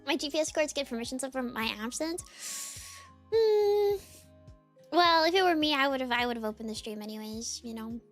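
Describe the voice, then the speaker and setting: With soft background music, a woman streamer talks casually to her chat in a high, expressive, slightly worn voice. She giggles and teases, rambling with fillers while rapidly calling out chat names.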